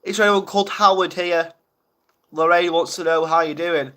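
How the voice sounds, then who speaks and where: A man's voice: on the high side, steady tone, moderate pace, sharp tone. Flustered young man on a live stream. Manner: flustered, rambling, self-mocking. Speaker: ASMR livestreamer. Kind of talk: casual live stream chat.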